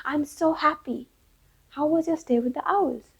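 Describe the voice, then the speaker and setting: A woman's voice: sits high, a little slow, vocal fry, pitched above the performer's own voice. A woman voicing an eager, overjoyed male crow king in a storybook tale. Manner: eager, excited.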